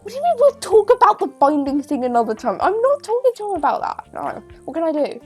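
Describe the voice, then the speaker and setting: A woman's voice: very high voice, sing-song, fast talker, soft background music. A woman streamer giving joking, teasing and crude commentary while playing a game. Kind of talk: casual gameplay commentary.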